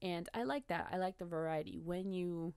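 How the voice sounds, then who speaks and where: A woman's voice: fairly low pitch, moderate pace, gravelly, darkish tone, clear, resonant tone, dry recording. A woman chatting casually over her own journaling footage, rambling and correcting herself with small laughs. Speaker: bullet journal vlogger.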